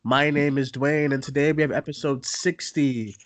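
A man's voice: mid-range voice, fairly even intonation, normal speed, no echo. A man hosting a movie news podcast in casual chat, joking and rambling between laughs. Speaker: podcast host.

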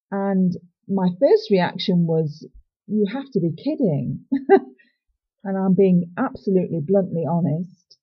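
A woman's voice: medium pitch, breathy edge, highs cut off. A woman sharing a personal faith testimony in an earnest, reflective and candid way.

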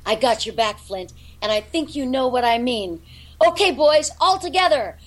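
A woman's voice: sits high, lively intonation, normal speed, pitched above the performer's own voice, rough recording. A woman voicing a confident female soldier heroine from a cartoon, sly and rallying.

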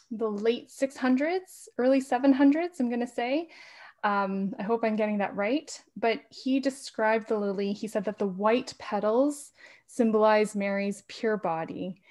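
A woman who is a podcast guest in a casual interview, talking fast and laughing often. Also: medium pitch, a little mellow. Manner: talks fast with frequent laughs.

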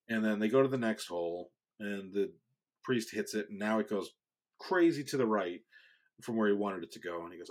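A man's voice: on the low side, lively intonation, normal speed. A man co-hosting a podcast, chatting casually, laughing often and telling jokes. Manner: laughs often, quiet asides. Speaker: podcast co-host. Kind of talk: casual chat, joke telling.

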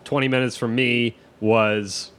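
A man from Ohio, talking in a relaxed, halting way full of fillers as podcast host. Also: mid-range voice. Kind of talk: casual chat.

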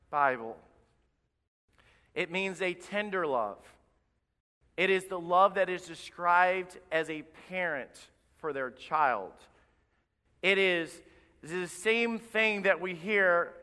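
A man preaching a sermon as pastor, lively and acting out the people he quotes. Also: a little high, clean tone. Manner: animated, acts out quoted voices. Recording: live in a reverberant church.

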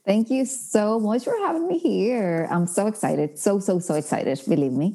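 A woman's voice: medium pitch, animated, moderate pace, warm tone. A woman in her thirties from the Dominican Republic with a Dominican Spanish accent, a guest in a casual interview who talks with enthusiasm and laughs often.

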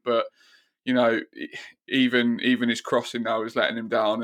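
A man giving casual football analysis on a podcast, measured and hedging with fillers. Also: mid-range voice, fairly bright tone. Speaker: podcast regular guest.

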